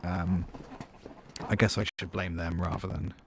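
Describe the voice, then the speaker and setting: Deep, gravelly british guy streaming a music lesson, chatty, thinks out loud, faint hiss behind. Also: little pitch movement, unhurried. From United Kingdom. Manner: chatty, thinks aloud, answers chat between steps. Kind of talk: live-streamed composition tutorial.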